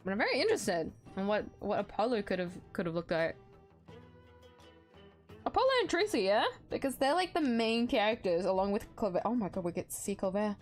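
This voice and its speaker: A woman streamer giving casual gameplay commentary, excitable, laughing often and swearing freely. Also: mid-range voice, a little fast. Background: faint background music.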